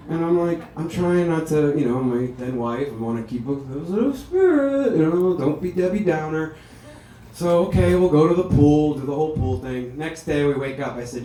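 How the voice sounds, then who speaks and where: Man delivering a eulogy: mellow, animated anecdotes, distant mic in a reverberant ballroom. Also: fairly high pitch, moderate pace, slight background noise. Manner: chatty, animated storytelling. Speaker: son giving a eulogy. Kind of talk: memorial speech with anecdotes. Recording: echoey hall, speaker heard from a distance.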